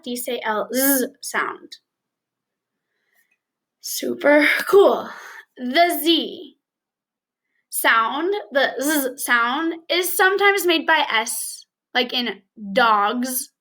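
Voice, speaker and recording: Bright high-voiced reading teacher. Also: female voice. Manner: slow, clear, encouraging classroom delivery with bits of Spanish. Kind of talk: early reading lesson for young children.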